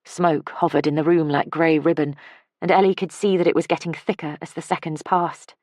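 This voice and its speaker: A woman narrates a novel with a calm, measured delivery. Her voice sits low, and the recording is close and dry with no room sound. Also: no echo. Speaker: audiobook narrator. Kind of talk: scripted narration.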